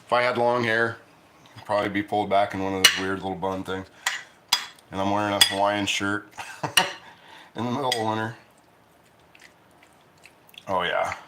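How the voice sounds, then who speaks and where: In a very noisy recording, a middle-aged cooking host with a lowish, fairly even voice chats his way through a casual home-kitchen livestream. He keeps a normal pace with frequent pauses, eats while talking, and rambles with many restarts.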